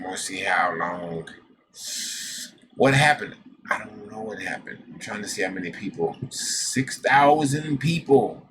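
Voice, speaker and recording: A man's voice: low-pitched, noisy background. A man casually hosting a cannabis news stream, rambling, swearing freely and reading lists aloud with loose side comments. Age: adult with a daughter. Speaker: host of a cannabis news show. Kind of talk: casual live-stream chat.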